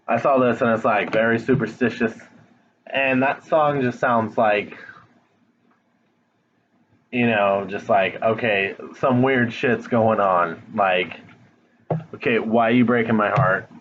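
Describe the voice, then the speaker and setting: Man, unhurried tarot reader, lowish voice, frank and blunt, slightly dull home recording. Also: fairly even intonation, fairly bright tone, a little hiss or hum. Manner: blunt, frank, swears casually, speaks straight to the viewer. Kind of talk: casual tarot reading to camera. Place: home, dog nearby.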